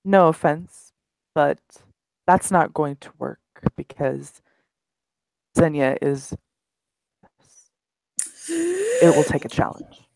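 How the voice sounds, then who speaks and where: A woman's voice: low-pitched, huge pitch swings, slow, gravelly, long pauses, a little mellow, dry recording, pitched below the performer's own voice, heavily acted, low-quality recording. A woman voicing a blunt young woman in a spoken tabletop role-play, in close to her own voice.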